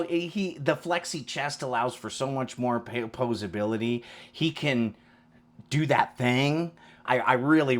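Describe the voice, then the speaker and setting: Bright-voiced man rambling through a toy review. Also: mid-range voice. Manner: rambling, joking, many restarts. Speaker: toy reviewer, channel host. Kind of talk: casual unboxing review.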